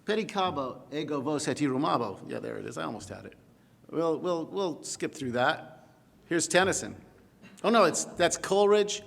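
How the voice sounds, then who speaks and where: A man teaching a poetry class, animated and playful, often breaking off mid-thought. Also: normal speed, gravelly. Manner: animated, playful, self-interrupting. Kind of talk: classroom lecture. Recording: echoey classroom with faint rumble.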